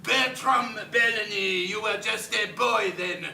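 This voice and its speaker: A man putting on a snooty detective, formal and exasperated, in a high, gravelly voice. He is heard from a distance in an echoey room with steady noise behind him. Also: measured pace. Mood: disdainful. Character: pompous French male detective, weary and aloof. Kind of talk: improv comedy scene. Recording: echoey stage from far off, noisy.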